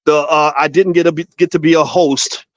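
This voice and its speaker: A middle-aged man hosting a finance show, talking straight to his audience in a casual, emphatic way, with many restarts and lively storytelling. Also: on the high side, moderate pace, no room sound. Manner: emphatic, repetitive restarts, storytelling with exaggerated voices. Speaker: finance educator and show host. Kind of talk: casual direct-to-camera commentary. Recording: dry, dull lo-fi sound.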